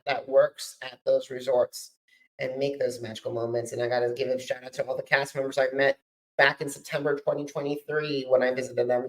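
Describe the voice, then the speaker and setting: A man's voice: medium pitch, poor audio. A man hosting a podcast interview, eager and admiring, with many fillers as he asks his questions. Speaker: podcast host. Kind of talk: casual interview.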